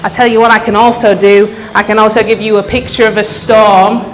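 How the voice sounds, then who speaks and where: A woman with a medium-pitched voice speaks briskly into a microphone, leading an interactive children's talk for a live church crowd. She's lively and coaxes the audience to participate, with a slight hiss or hum on the recording.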